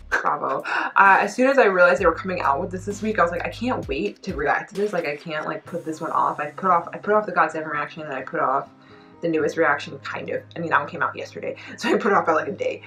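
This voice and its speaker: A woman vlogging a music reaction, gushing and excitable, with many "like"s as she chats to camera. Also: lowish voice. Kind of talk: casual chat to camera.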